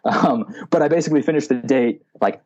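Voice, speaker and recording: A man's voice: mid-range voice, a little fast, darkish tone, highs cut off. A young man telling a story in a rambling, casual way as a podcast guest, with lots of filler words.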